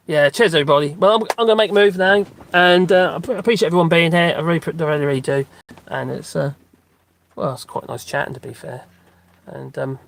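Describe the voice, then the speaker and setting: While walking his dogs outdoors, a middle-aged man chats on a live stream in a rambling, casual way, with lots of fillers and restarts. His voice is a little high and shows vocal fry.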